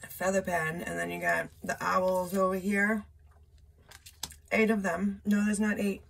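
A woman's voice: medium pitch, little pitch movement, a little slow, creaky, a little hiss or hum. A woman giving a casual tarot reading, chatty and loose, with profane asides. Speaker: tarot reader.

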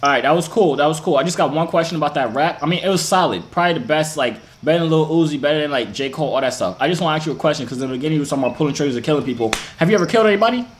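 Young male host, teasing and playful, slightly high voice, faint hiss behind. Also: animated, rapid-fire, hardly any pauses. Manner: teasing, playful, puts on accents. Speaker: host of random video chats. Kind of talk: casual joking chat.

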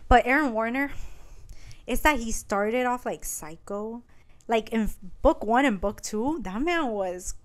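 Young woman with a slightly raised pitch talks casually as a podcast co-host. She is animated and slangy, swearing freely and breaking into laughs. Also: moderate pace, slight background noise. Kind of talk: casual chat.

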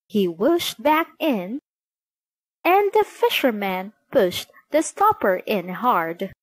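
Woman storybook narrator, very slow and expressive, a bit breathy, dry close recording. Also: fairly high pitch, no room sound, low-quality recording. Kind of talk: children's story reading.

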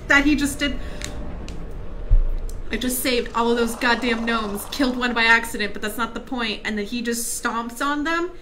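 A woman streamer giving live let's-play commentary, excitable and reactive, laughing, yelping, swearing freely and talking to the game characters. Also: fairly high pitch, moderate pace, over music. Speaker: gaming streamer.

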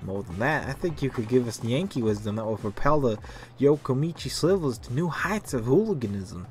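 A man's voice: mid-range voice, brisk, faint music behind, close to an everyday voice. A man doing an eager, pleading young punk band leader. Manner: pleading, earnest, animated.

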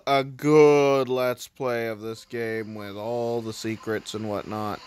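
Let's play host, male, slightly high and bright voice, slow rambling delivery. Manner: rambling, restarts sentences often. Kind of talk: casual gameplay commentary.

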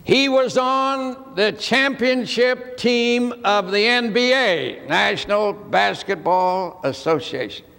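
An elderly preacher in his eighties tells a folksy sermon story with long dramatic pauses. His voice is high and gravelly, and he speaks slowly. It echoes through a large hall. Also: animated, bright, forceful tone. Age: 80s.

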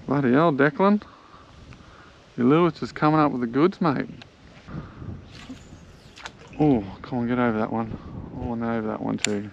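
An Australian man giving excitable, chatty commentary while fishing from a small boat on a creek, talking to the fish he catches. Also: medium pitch, brisk, vocal fry, dull audio, slight background noise. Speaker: angler filming his own fishing trip. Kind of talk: casual fishing vlog commentary.

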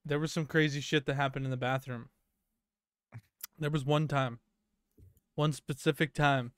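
A man's voice: fairly high pitch, fairly even intonation, normal speed, smooth, no room sound, clean studio sound. A young man casually telling a long workplace story on a podcast, full of fillers and swearing. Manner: rambling anecdote with many fillers and profanity. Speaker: podcast co-host.

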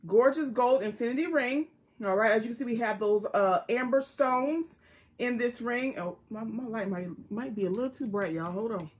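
On a tablet-recorded live jewelry sale, a woman with a voice on the high side talks at a moderate pace. She greets viewers by name in friendly, folksy selling chatter.

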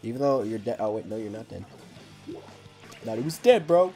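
A man hosting a gaming channel, giving hyper, excitable let's play commentary and yelling at opponents. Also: fairly low pitch, moderate pace, soft background music.

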